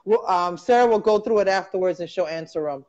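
A woman's voice: fairly low pitch, fairly quick, darkish tone. A woman hosting a casual interview and reading viewer comments aloud in an affectionate, chatty way. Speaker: host. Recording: dull lo-fi live stream audio.

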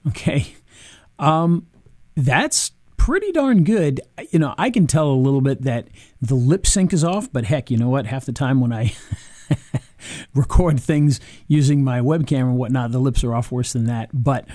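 A man casually reviewing software on screen, chatty, with frequent ums and restarts. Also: mid-range voice, lively intonation, unhurried, dry recording, studio quality. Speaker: video marketing reviewer.

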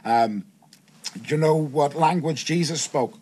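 A man's voice: on the high side, a little slow, darkish tone, a little hiss or hum. A man hosting a casual podcast chat, talking emphatically and often checking that his guest is following. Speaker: podcast host.

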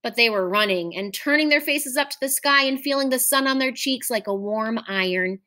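Woman reading a story aloud, fairly high voice. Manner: measured, expressive storytelling. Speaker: teacher.

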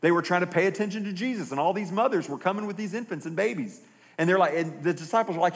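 An American man preaching a sermon as pastor in a church, animated and acting out bible characters in raised voices. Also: high voice, fast. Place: church hall. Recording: reverberant church hall.

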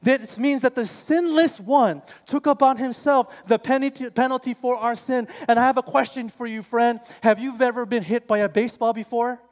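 A man's voice: extremely high pitch, steady tone, normal speed, few pauses. A man in his forties preaching an impassioned, emphatic sermon in a church, often calling his listeners friends. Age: 40s. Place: church sanctuary. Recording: church hall reverb, faint music.

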